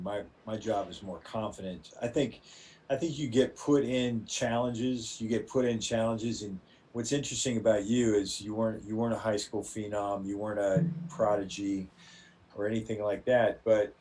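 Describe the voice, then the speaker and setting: A male coach speaking in a measured, thoughtful way, explaining his approach step by step. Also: on the low side, dark tone, rough recording. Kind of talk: interview reflection.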